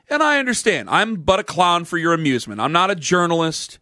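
A man in his thirties hosting a sports talk radio show, animated, self-mocking and earnest, speaking into a studio microphone. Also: high voice, brisk, few pauses, no echo. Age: 30s.

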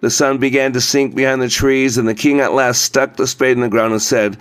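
Male narrator for a folk tale, measured and steady, very dry close recording. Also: medium pitch, clear, resonant tone, no room sound. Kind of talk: scripted storybook narration.

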